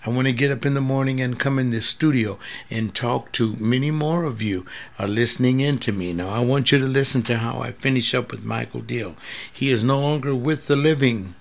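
A man in his seventies, a retired pastor hosting a radio talk in a studio, measured and plainspoken as he reminisces. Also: mid-range voice, gravelly. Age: 70s.

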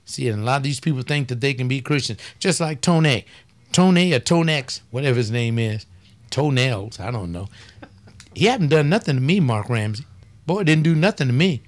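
A man who is a pastor and talk host speaks in a blunt, folksy way, like casual preaching. His voice sits at an ordinary middle pitch. He leans hard on key words and stretches them out for emphasis. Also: lively intonation, a little fast.

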